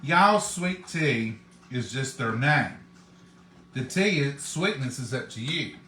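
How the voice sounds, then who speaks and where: A man's voice: mid-range voice, lively intonation, takes it slowly, pushed and bright, roomy sound, a little hiss or hum. A man, hosting a live cooking stream and chatting with viewers in a homey, folksy way. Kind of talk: casual chat to viewers.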